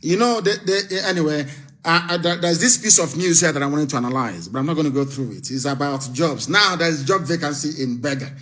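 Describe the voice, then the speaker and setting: A man delivers a fiery live broadcast speech in a high, forceful voice. He hammers his points home with rhetorical questions and breaks into shouting. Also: lively intonation, brisk. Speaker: political broadcaster.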